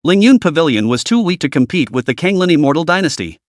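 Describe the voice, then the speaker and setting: A man narrating a fantasy story in steady scripted narration. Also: fast, no room sound, studio quality. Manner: steady storytelling with animated pitch.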